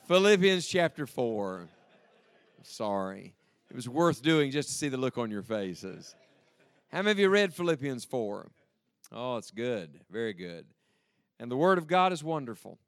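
A pastor with a medium-pitched, slightly bright and clean voice preaches a sermon with emphasis and joking asides. He leads the congregation as they read aloud together, and the recording is dry.

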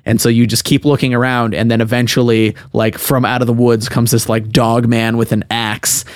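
A man's voice: little pitch movement, moderate pace, dry recording. A young man talks loosely about games he has played, filling gaps with "like" and "uh". His voice sits in a middle register. The sound is dry and close. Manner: rambling, many fillers, acts out game lines in a high voice. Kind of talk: casual chat about games.

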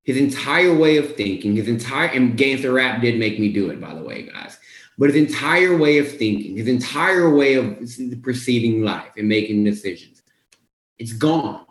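A young weight-loss coach talks directly to his viewers about his own turnaround, telling the story in a motivational, casual, animated way and acting out his past self's words. His voice is medium-pitched and moderately paced, with a roomy echo around it.

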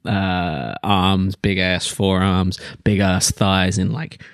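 A man player describes his character for a tabletop game, slow and halting, with a crude, casual turn of phrase. His voice is low, and the sound is dry and close. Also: level tone, smooth, no room sound.

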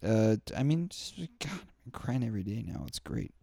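A man's voice: lowish voice, very animated, normal speed, creaky, dark tone, dry recording, clean studio sound. A young man hosting a podcast, talking in a rambling, profane and heartfelt solo rant full of fillers. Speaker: podcast host. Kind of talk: candid solo podcast monologue.

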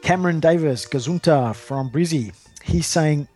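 A man's voice: on the high side, normal speed, mellow, faint music behind. A man hosting a podcast, chatting casually and reading out listener lists in a jokey, self-deprecating way. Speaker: podcast host.

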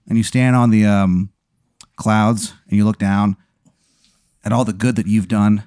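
A man's voice: lowish voice, steady tone, unhurried, dark tone, clean tone, dry recording, clean studio sound. A man hosting a comedy podcast, improvising a silly story with fillers and stifled laughs. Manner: rambling with fillers, laughing as he tells it. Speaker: podcast host.

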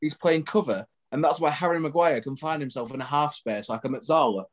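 A man co-hosting a football podcast, making his case in a lively, argumentative way. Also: a little high, brisk. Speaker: podcast co-host. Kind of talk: casual football podcast chat.

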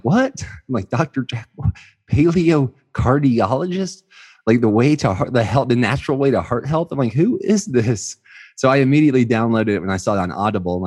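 Low-voiced guy hosting a podcast, chill and excited, says stuff twice. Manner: enthusiastic, laid-back, repeats words. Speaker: podcast host. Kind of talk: casual interview chat.

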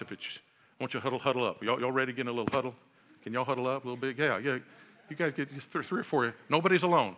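A man's voice: medium pitch, sharp tone, a little hiss or hum. A man preaching a sermon and earnestly guiding his congregation through a repeated prayer. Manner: earnest, repetitive, leads the congregation in call-and-response.

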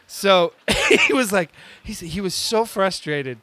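A man in his forties telling a long story casually, animated and laughing often, with lots of filler words. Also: high voice, slow, background noise.

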